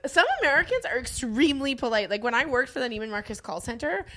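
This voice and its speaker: A woman's voice: high-pitched, expressive, quick pace, bright, forceful tone. A woman co-hosting a comedy podcast, chatting animatedly, laughing often and swearing casually. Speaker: podcast co-host.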